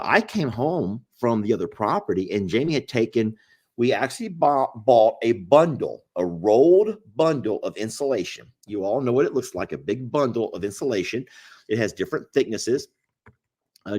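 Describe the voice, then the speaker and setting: A man's voice: on the low side, expressive, moderate pace, a little mellow, slightly rough. A man hosting a casual livestream, folksy and playful, rambling with restarts. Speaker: animal sanctuary owner, livestream host.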